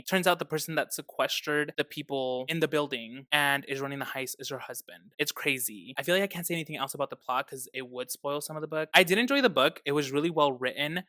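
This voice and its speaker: A young man in a chatty book vlog, animated and quick to act out little quotes. His voice is bright and clear, and the sound is dry and close. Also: fairly high pitch, no echo. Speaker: book vlogger. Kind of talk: casual book review chat.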